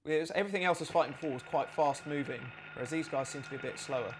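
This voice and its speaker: A man's voice: a little high, rapid-fire, noisy background. A man streaming a game live, chatting as he plays, thinking aloud and reading out chat messages and donations. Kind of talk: live game playthrough commentary.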